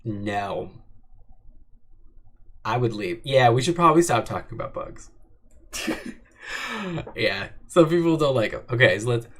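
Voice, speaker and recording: A man's voice: mid-range voice, animated, unhurried, long pauses. A young man from Arizona casually answering chat questions on his livestream, laid-back and rambling with lots of filler words. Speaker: audio drama creator hosting a live stream.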